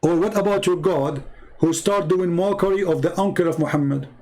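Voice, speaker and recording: A man's voice: high-pitched, a little fast, warm tone, rough recording. A man hosting a live-stream debate, reading out viewer comments and answering them in mocking, confrontational non-native English, firing rhetorical questions.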